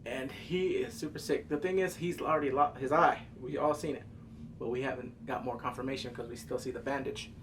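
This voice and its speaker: A man reviewing a TV episode in excited casual commentary, cursing freely, breaking into loud exclamations and quick character impressions. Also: mid-range voice, background noise. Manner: animated, profane, jumps into loud exclamations; mimics characters in quick asides.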